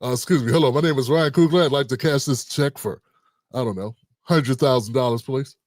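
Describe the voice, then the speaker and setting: A man voicing a prim, overly polite gentleman cashing a check, stiff and formal. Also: mid-range voice, brisk, dry recording, clean studio sound, pitched below the performer's own voice, close to an everyday voice. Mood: mock polite.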